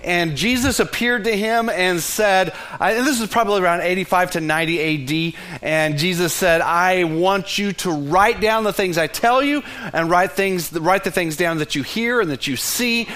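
Man, pastor preaching a sermon, high voice, stammering restarts, hushed near-whisper moments. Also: normal speed, few pauses. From Texas.

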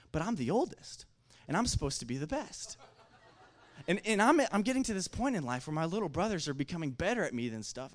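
A man telling a personal story at a microphone in an animated way. His voice keeps jumping louder and back down, and he often restarts his sentences. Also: fairly high pitch. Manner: excitable, swings loud and back, many restarts. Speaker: speaker telling a family story at a mic.

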